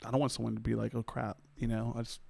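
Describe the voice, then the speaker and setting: A man being interviewed on a casual podcast, relaxed and quick to laugh, with lots of filler words. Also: mid-range voice, gravelly. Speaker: podcast guest.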